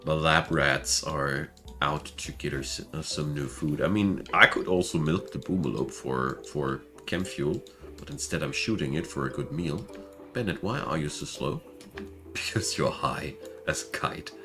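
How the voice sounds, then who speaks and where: A man's voice: a bass voice, moderate pace, pushed and bright, soft background music. A man with a German accent, chatting casually while streaming a game and talking about it. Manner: chatty, laughs at himself. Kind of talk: casual gameplay commentary.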